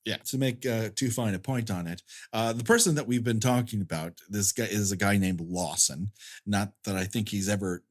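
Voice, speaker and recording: A man's voice: fairly low pitch, normal speed. Wry man co-hosting a podcast. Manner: wry, jokey descriptions with stumbling restarts. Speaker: podcast co-host. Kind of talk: casual podcast chat.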